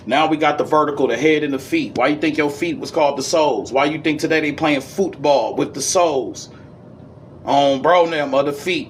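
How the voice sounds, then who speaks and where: A man giving a casual esoteric lecture, reading passages aloud and riffing on them in profane street slang, swinging between high and low registers. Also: a little hiss or hum. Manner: reads passages, then riffs in profane slang.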